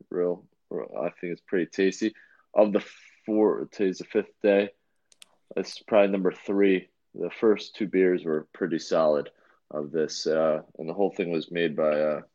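A man's voice: sits low, darkish tone, dull audio. A man co-hosting a podcast in casual chat, rambling and laid-back with lots of fillers and restarts. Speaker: podcast co-host.

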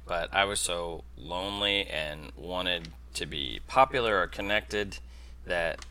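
A man's voice: sits low, slow pace, pushed and bright, smooth. A man in casual chat, chiming in with jokes and short replies. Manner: joking interjections.

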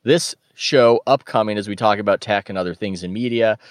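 A man co-hosting a podcast in casual chat, telling stories in an animated, joking way over a remote mic. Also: fairly low pitch, no echo. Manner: animated storyteller, quick and joking. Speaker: podcast co-host.

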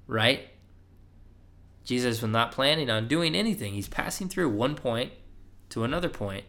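A man's voice: medium pitch, moderate pace, a bit bright. Man, young adult, casual podcast sermon, conversational, "right?" checks, emphatic pushes. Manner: conversational, often asks "right?", rises emphatically when urging. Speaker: preacher.

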